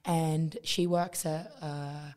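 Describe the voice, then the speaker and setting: Young aussie woman chatting on a podcast, kinda low voice, says "like" constantly, acts out her stories. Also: takes it slowly. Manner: chatty, lots of "like" fillers and restarts; animated storytelling, acts out quotes. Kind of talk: casual chat.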